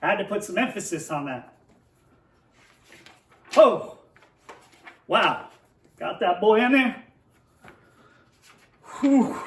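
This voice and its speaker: A man's voice: high voice, sing-song, takes it slowly, long pauses, a bit bright, reverberant, distant mic. A man teaching young children, playfully reading a tongue-twister picture book aloud and then explaining a math lesson at a board.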